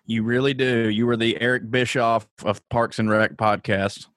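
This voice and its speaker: A man co-hosting a podcast, reacting to a TV episode with quick asides and frequent laughter. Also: mid-range voice, level tone, fairly bright tone, no echo, studio quality. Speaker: podcast co-host. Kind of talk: casual chat recapping a TV episode.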